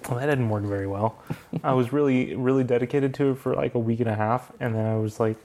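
This young married man hosts a podcast, speaking quickly in a mid-range, darkish voice over slight background noise. He tells stories in casual chat, laughing often and swearing freely.

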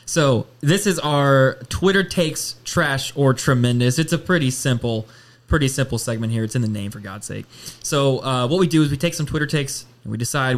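A man hosting a podcast, leading a segment in a relaxed, conversational way. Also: mid-range voice, normal speed. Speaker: podcast host. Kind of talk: casual podcast chat.

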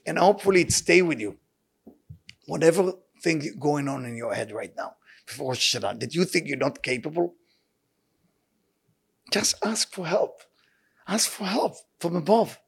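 A man giving an impassioned sermon and telling a story, repeating his key words and speaking loose, halting English. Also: a little high, expressive, gravelly, husky. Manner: loose, halting non-native English grammar. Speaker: rabbi giving weekly inspiration.

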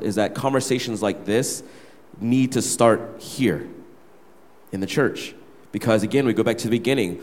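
A man's voice: medium pitch, a little mellow. A young man, a worship leader, candidly telling a personal story to his church gathering. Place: church hall. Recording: reverberant hall.

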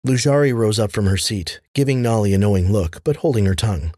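Low, husky male fantasy narrator. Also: lively intonation, fairly quick, warm tone, no room sound, clean studio sound. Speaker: audiobook narrator.

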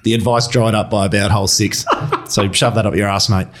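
A man's voice: lowish voice, fairly even intonation, fairly quick, a bit bright. Australian man, racing podcast co-host, rattles through tips and yarns at speed. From Western Australia. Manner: blokey, swears freely, tells stories with put-on voices. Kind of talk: casual podcast chat.

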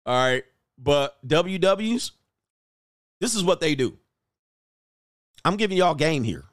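A man's voice: a little high, animated, takes it slowly. A man coaching on dating in casual livestream commentary, crude and joking, laughing often as he talks.

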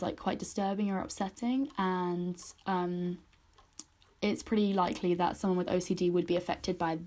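Candid woman, mellow voice. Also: medium pitch. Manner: candid, emotional, speaks in run-on spoken sentences with many likes. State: choked up. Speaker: podcast host. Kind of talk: personal podcast monologue.

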